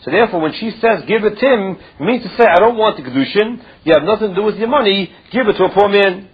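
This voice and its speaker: A man's voice: high-pitched, animated, quick pace, breathy edge. A man teaching a Talmud class, reading Aramaic phrases and explaining each one in plain English. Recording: dull lo-fi recording.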